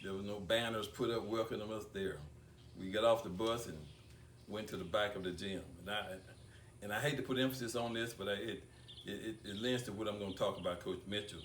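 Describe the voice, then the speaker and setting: At a banquet hall awards ceremony, an older man gives a tribute in a low, slightly bright voice with fairly even intonation. He speaks slowly and deliberately, with long pauses and repeated words. The recording is echoey and picked up from far off, with a faint hiss underneath.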